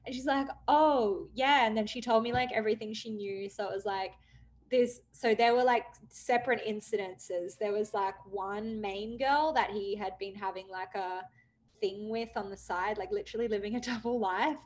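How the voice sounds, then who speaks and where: A young woman candidly recounting a personal story, with many "like" fillers, acting out quoted dialogue with lively jumps in pitch. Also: normal speed. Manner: chatty, frequent "like" fillers. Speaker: guest telling her story.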